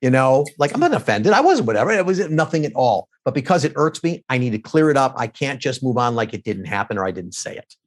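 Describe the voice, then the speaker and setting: A middle-aged man, a TV political commentator, telling stories quickly in a casual interview and acting out quoted lines. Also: medium pitch. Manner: quick, animated storytelling with acted-out quotes.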